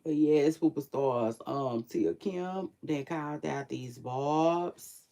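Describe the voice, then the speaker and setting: A woman in her forties with a smoky, low, dark-toned voice talks slowly. As an online commentator on a casual livestream, she chats sleepily and laid-back with her viewers, using lots of slang.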